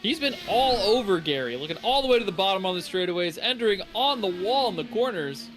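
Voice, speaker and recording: Higher-voiced man analyzing a sim race. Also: expressive, fast talker. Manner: analytical, explains car handling in detail. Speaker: color commentator. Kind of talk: sim racing broadcast commentary.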